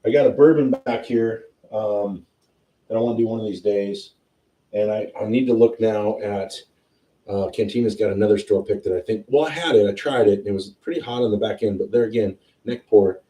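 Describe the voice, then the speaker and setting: Chatty low-voiced man in an echoey room. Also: a little fast, recorded from a distance. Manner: chatty, rambling, excitable. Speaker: host of a whiskey tasting livestream. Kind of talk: casual tasting chat. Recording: roomy sound, a bit off-mic.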